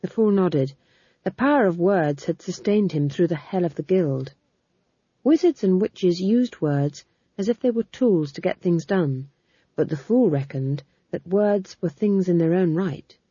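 A woman narrating an audiobook with measured, expressive storytelling, in a dull lo-fi recording. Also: fairly low pitch, slightly rough, no room sound. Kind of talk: scripted narration.

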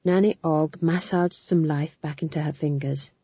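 Woman audiobook narrator, husky tone, dry, dull close recording. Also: low voice, moderate pace, no echo. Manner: lively, expressive storytelling. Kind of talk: scripted narration.

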